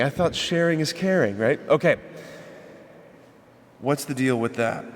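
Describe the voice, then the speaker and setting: A man's voice: mid-range voice, in a large hall, a little hiss or hum. A man, a priest, preaching a homily in a conversational way, asking the congregation rhetorical questions. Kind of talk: sermon. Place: church.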